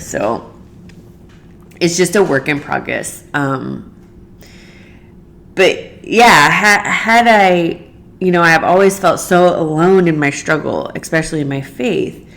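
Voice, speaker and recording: With a low, deep, gravelly voice that still has a fairly bright tone, a woman runs her podcast solo in a casual monologue. She rambles earnestly, restarts sentences, and leans on "like" and "you know" as she works out her meaning.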